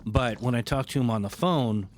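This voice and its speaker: A man co-hosts a casual podcast chat and chimes in with quick joking remarks. His voice sits in a middle range. There is a faint hum of background noise. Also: mid-range voice.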